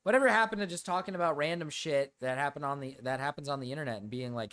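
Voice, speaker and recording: A man's voice: a little high, fast talker, few pauses, a bit bright, smooth. A man hosting a livestream, chatting casually and reading chat questions, rambling and self-deprecating. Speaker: streamer host.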